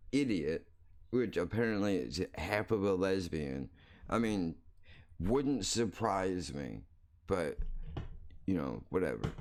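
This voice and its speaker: A man's voice: deep voice, darkish tone. A man hosting his own show, telling a story in a blunt, crude, rambling way, full of profanity and restarts. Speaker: podcast host.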